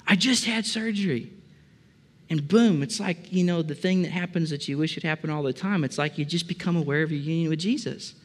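Chatty male pastor, higher-voiced. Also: quick pace, few pauses, a little mellow. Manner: chatty, joking, asks the congregation questions. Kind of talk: conversational sermon. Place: church service before a congregation.

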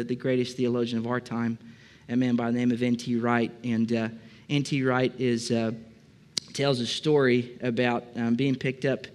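A man's voice: mid-range voice, clear, resonant tone. Man preaching a casual, filler-laden sermon. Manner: conversational, many filler "uh"s, addresses congregation directly. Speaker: pastor.

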